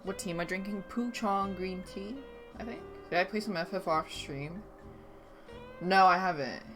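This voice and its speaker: A woman's voice: mid-range voice, moderate pace. A woman livestreamer chatting casually with her viewers, reading their messages aloud and reacting with dry sarcasm. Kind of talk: casual stream chat. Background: faint background music.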